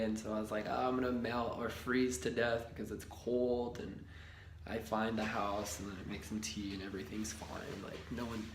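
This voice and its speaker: A man's voice: mid-range voice, a bit bright. A young man telling a rambling personal story in a casual vlog, swearing freely and laughing often. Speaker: lifestyle vlogger. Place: shared house in a ski town. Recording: echoey room.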